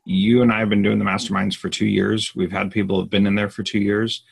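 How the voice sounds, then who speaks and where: A man with a husky, low voice speaks in a live Q&A. He talks earnestly and with emphasis, and he often restarts mid-sentence. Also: little pitch movement, fairly quick. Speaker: podcast host. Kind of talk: live Q&A conversation.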